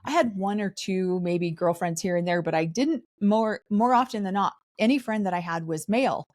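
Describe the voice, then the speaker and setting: This woman, speaking at medium pitch and moderate pace, co-hosts a podcast chatting casually about a reality show. With a background in a polygamous community, she's animated and mocks those she talks about by impersonating them.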